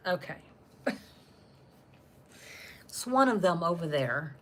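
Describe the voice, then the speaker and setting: A woman's voice: on the low side, sing-song, measured pace, long pauses, sharp tone. A woman chatting on a live stream from home, reading comments and laughing often while she talks about her dogs. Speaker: channel host reading live chat. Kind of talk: casual live-stream chat.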